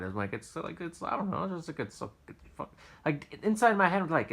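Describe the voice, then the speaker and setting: A man's voice: fairly high pitch, big pitch swings, brisk, creaky, fairly bright tone, slightly rough. A young man casually telling profane, rambling stories from his sandwich shop job, with frequent stammered restarts. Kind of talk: casual storytelling vlog.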